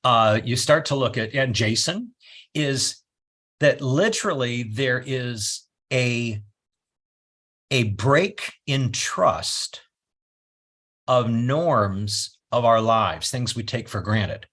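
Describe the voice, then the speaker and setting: Man, husky voice, animated storyteller, casual chat, frequent laughter. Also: mid-range voice, takes it slowly.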